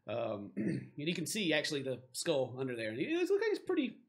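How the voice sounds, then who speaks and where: A man's voice: fairly high pitch, wildly swooping pitch, fairly quick, gravelly. A man narrating as game master of a tabletop game, rambling with lots of fillers.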